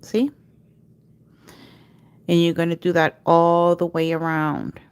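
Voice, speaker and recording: Woman nail artist on a livestream, unhurried, lowish voice, patient step-by-step coaching. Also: flat delivery, smooth, dry recording. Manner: patient step-by-step instruction, chanting repeated cue words. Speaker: nail artist teaching a live class. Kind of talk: livestream tutorial.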